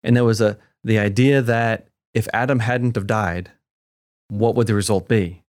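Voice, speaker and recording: A man co-hosting a Bible discussion, explaining word meanings with emphatic, animated delivery and playful asides. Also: lowish voice, moderate pace. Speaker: co-host of a Bible teaching show.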